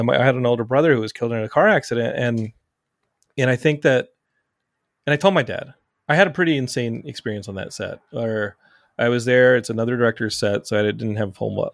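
Gravelly-voiced male podcast host, animated storyteller, dry recording. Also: mid-range voice, no echo. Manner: animated storyteller, acts out quotes. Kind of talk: casual chat.

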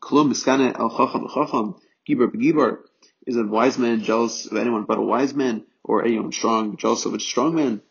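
A man's voice: medium pitch, steady tone, normal speed, gravelly, husky, dull audio. A man teaching scripture, reading Hebrew phrases and translating each one line by line, with frequent restarts. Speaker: Torah teacher.

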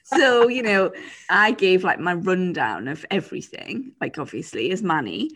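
A woman's voice: fairly low pitch, sing-song, moderate pace, fairly bright tone, slightly rough. A young woman co-hosting a podcast, telling stories in a rambling, giggly way with lots of "like"s. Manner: rambling, giggly storytelling with many likes. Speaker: podcast co-host. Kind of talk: casual chat.

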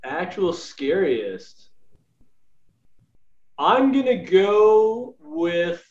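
A man's voice: sits high, sing-song, extremely slow, a little mellow. A man co-hosting a podcast in casual chat, thinking aloud as he answers. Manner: musing, thinks aloud with fillers. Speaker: podcast co-host. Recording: roomy, dull lo-fi remote audio.

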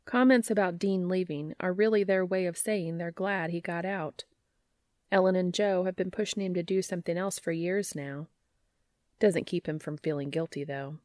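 A woman narrating a story aloud in a wry, even reading voice, close to the mic. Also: lowish voice, normal speed, no room sound. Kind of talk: fan fiction audiobook reading.

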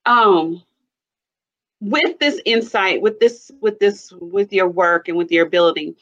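A woman hosting an interview, asking questions haltingly and searching for the right words. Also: mid-range voice, fairly bright tone. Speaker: interview host. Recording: dull lo-fi sound.

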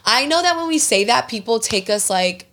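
A woman's voice: on the high side, normal speed. A young adult woman hosting a podcast, speaking casually and animatedly, acting out the people in her stories and swearing freely. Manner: animated storytelling, acts out quoted people. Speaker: podcast host.

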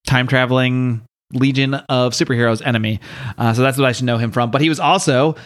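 A man's voice: mid-range voice, steady tone, a little fast. A man co-hosting a comics podcast, recapping a story in a rambling, laughing, swearing way. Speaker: podcast co-host.

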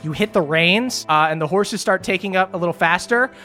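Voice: mid-range voice, brisk, bright, forceful tone, soft background music. A game master narrating a tabletop game casually, with fillers and the odd swear.

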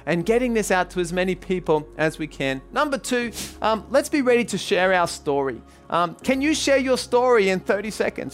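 A man preaching as a pastor, telling a testimony and leading prayer in an earnest, halting way with many ums. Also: sits high. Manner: earnest, repeats himself, frequent ums. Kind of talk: sermon with retold testimony and prayer.

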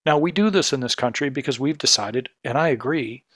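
A middle-aged man delivers a scripted podcast commentary, earnest and increasingly indignant. His voice sits at an ordinary pitch and is recorded close and dry, with no room sound around it. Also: fairly quick, a bit bright, dry recording. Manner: earnest and indignant, building to pointed outrage. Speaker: podcast host, healthcare consultancy CEO.

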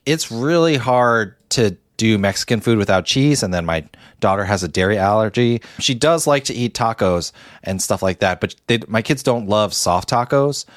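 A man's voice: on the low side, no echo, clean studio sound. A middle-aged man co-hosting a podcast, chatting casually with fillers and self-deprecating asides. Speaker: podcast co-host. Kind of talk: casual chat.

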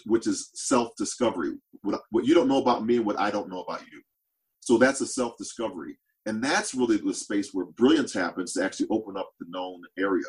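A man's voice: lowish voice, rough recording. A man speaking as a podcast guest, earnest and reflective, often repeating words as he thinks aloud. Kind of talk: reflective interview talk.

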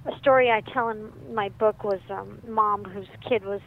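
A middle-aged woman, a psychiatrist and author, telling stories in a lively, animated way as a guest. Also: medium pitch, moderate pace, gravelly. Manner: lively, animated storyteller who laughs often. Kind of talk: storytelling in a conversation. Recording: muffled with faint background noise.

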